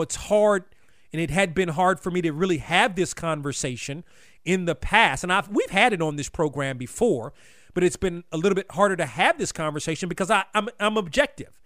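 Halting high-voiced male sports host. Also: a bit bright, no room sound, clean studio sound. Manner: halting, with many restarts and repeated words. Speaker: sports talk show host. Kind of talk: casual sports talk monologue.

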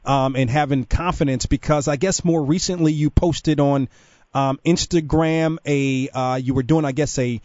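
A male sports radio host asks long, rambling questions, restarting mid-sentence. His voice sits a little high for a man, dry and slightly dull in tone. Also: steady tone, normal speed, darkish tone, no echo. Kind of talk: radio interview.

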